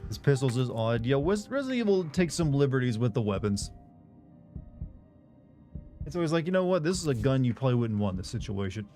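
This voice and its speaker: A man hosting a game stream, casually commenting as he plays and talking his thinking out loud. His voice is warm and mellow at a middle pitch. Faint music runs in the background. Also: fairly quick, pauses often. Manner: relaxed, chatty, thinking aloud.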